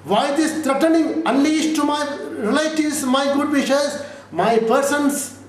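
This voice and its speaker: Indian lawyer, high voice, emphatic and repetitive, distant mic in a very reverberant room. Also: male voice, a little slow. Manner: emphatic, repetitive, rhetorical questions. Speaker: lawyer interviewee. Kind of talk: emphatic interview answers. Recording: echoey room from far off, faint noise.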